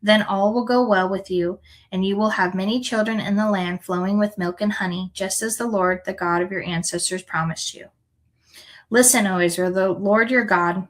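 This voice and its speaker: Woman reading scripture, earnest and steady. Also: mid-range voice, poor audio. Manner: earnest, unhurried reading with small self-corrections. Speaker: scripture reader.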